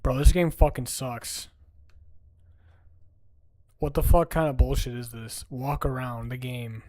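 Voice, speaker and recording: A man's voice: medium pitch, steady tone, a little slow, mellow, no room sound. A young man streaming a game with friends, talking in a brash, profane, mocking way. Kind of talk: live game-stream commentary.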